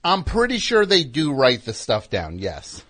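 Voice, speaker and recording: A man's voice: medium pitch, wildly swooping pitch, unhurried, fairly bright tone. A man hosting a comedy call-in show, answering a caller with dry, wry remarks. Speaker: host.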